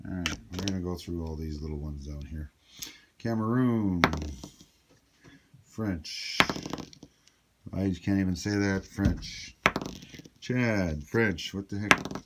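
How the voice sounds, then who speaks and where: A man's voice: low-pitched, background noise. A man casually talking through a board game turn, thinking aloud with chatty asides. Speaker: board game player explaining a solo playthrough. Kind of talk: casual tabletop game walkthrough.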